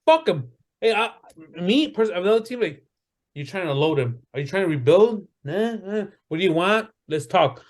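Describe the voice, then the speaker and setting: A man with a fairly high voice holds forth on a casual sports podcast. He rants and curses freely, his talk heated and blunt. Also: animated, normal speed. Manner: profane, ranting, heated. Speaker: podcast co-host.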